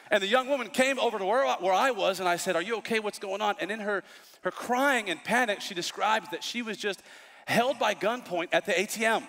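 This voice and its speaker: Guy pastor preaching in a big church, bright high voice, lots of hall echo, animated storyteller. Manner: animated storytelling, lively asides. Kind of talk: sermon. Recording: long hall reverb.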